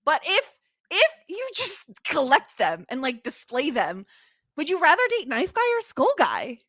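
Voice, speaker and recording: A high-pitched woman with a very lively, swooping voice, laughing her way through a casual podcast recap. The close mic sounds dry, with no room around her, and she talks in an animated, giggly way. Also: a little slow, no echo. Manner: giggly, animated, laughs often while retelling scenes. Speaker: podcast co-host. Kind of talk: casual chat recapping a TV episode.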